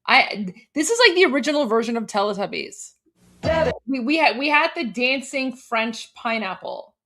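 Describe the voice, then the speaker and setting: This Canadian woman in her forties hosts a casual live stream, chatting in a bubbly way and laughing often. Her fairly high voice is animated and pushed, with a bright edge, and she speaks at a normal speed.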